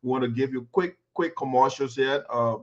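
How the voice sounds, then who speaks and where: A man's voice: mid-range voice, moderate pace. A man hosting a live online talk show, speaking in a chatty, informal way with many fillers. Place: home studio, USA. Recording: muffled lo-fi stream audio.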